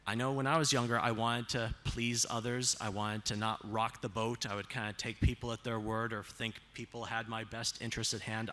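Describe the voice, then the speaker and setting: A man giving a motivational presentation with slides as a self-advocate, measured, asking the audience rhetorical questions and slowing down on key phrases. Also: lowish voice, sharp tone.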